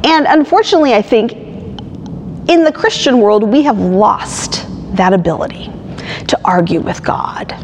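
A woman pastor who reads a poem aloud and then preaches a sermon with lively emphasis. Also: mid-range voice, normal speed, slight background noise. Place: church sanctuary. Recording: long hall reverb.

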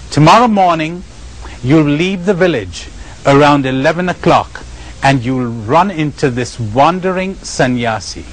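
An Indian-accented man voicing an astonished village man who earnestly and quietly recounts his dream. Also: fairly high pitch, rough recording.

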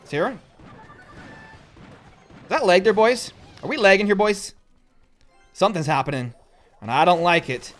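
A high-voiced young man calls out his own gameplay as a host. His voice swings widely and jumps to loud, excited shouts. Faint music plays behind him. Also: moderate pace, long pauses. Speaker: gaming channel host. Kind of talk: gameplay commentary.

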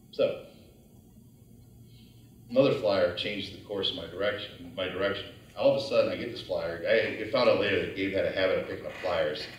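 A man giving a lecture and telling his own story in a lively, conversational way, acting out his past thoughts. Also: lowish voice, distant mic. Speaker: guest lecturer. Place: lecture hall. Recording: very echoey hall, heard from afar.

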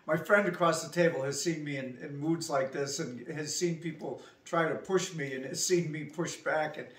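A woman's voice: low voice, moderate pace. A woman telling a restaurant story in a casual vlog, acting out both sides of the conversation herself. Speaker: vlogger. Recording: echoey room, voice from a distance.

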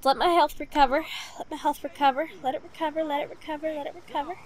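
A woman's voice: high-pitched, fairly even intonation, quick pace. A woman hosting a let's play, giving casual gameplay commentary and talking back to the game, repeating her pleas and commands over and over.

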